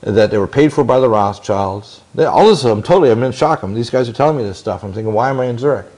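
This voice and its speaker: Mid-range and a little mellow, his voice has lively intonation and a fast pace. The man, in his sixties, is an interview guest given to long, intense, rambling stories packed with restarts and quoted dialogue.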